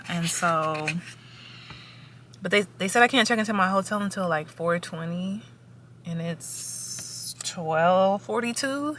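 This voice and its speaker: A woman's voice: fairly low pitch, bright, forceful tone, slight background noise. A young woman chatting casually in a rambling vlog update, recorded sitting in a car on a camera mic. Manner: rambling, chatty, many fillers and restarts. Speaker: vlogger. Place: in a parked car. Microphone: camera with foam windscreen.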